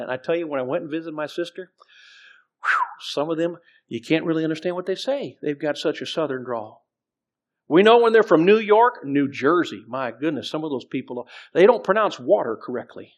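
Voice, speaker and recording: A middle-aged man preaching as pastor, conversational, with frequent restarts and scripture readings. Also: high voice. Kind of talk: sermon.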